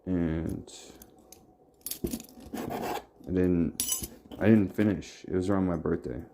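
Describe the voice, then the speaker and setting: A man's voice: deep voice, fairly even intonation, takes it slowly, noisy background. A man vlogging casually from his home workshop, rambling and muttering to himself as he sorts and labels things. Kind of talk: casual talk to camera.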